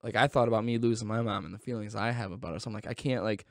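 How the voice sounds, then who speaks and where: A man's voice: lowish voice, steady tone, racing, gravelly, no echo, studio quality. Laid-back man saying "dude" a lot. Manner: laid-back, swearing, says "dude" often. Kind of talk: casual storytelling chat.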